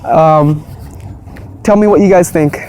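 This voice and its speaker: High-voiced earnest man, gentle and reassuring. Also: a little hiss or hum. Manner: earnest, halting, repeats phrases, frequent "okay?" checks; soothing, reassuring. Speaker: spiritual vlogger. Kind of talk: casual spiritual talk to camera.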